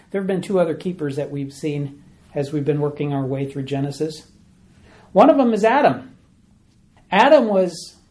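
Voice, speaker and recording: A man's voice: high-pitched, a little mellow. A man preaching, teaching through a Bible passage verse by verse, asking questions and repeating key words for emphasis. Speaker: pastor.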